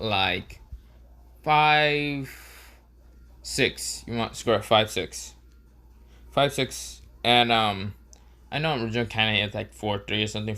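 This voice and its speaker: A man's voice: on the low side, pushed and bright. A man telling an improvised fan story in a casual, profane way, laughing at his own jokes.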